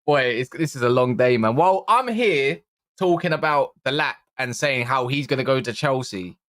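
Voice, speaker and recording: A man vents on a live fan stream, swearing and slinging street slang as his frustration boils over into frantic, high-pitched rants. His voice sits at a middling pitch, and the sound is close and dry, with no room echo behind it. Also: animated, moderate pace, a bit bright. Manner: exasperated, slangy, swearing, rising to frantic outbursts. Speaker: football channel host. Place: indoor room.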